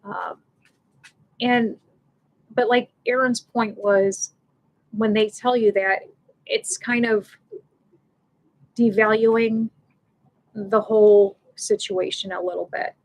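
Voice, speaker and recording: A woman's voice: medium pitch, fairly even intonation, slow pace, pauses often. Middle-aged female host, casual home livestream chat, rambling delivery with frequent restarts and laughs. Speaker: pet loss support livestream host.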